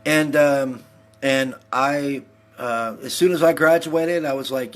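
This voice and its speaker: A man's voice: mid-range voice, slow. A man in his forties from Texas, hosting a heated, profane rant on his live stream. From El Paso, Texas. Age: 40s. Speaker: livestream host.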